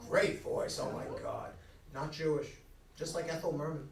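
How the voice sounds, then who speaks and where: A man preaching a humorous, conversational sermon as the rabbi at Friday night services, trading jokes and quick asides with the congregation. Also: a little high, fairly even intonation. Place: synagogue sanctuary. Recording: echoey hall, mic at a distance.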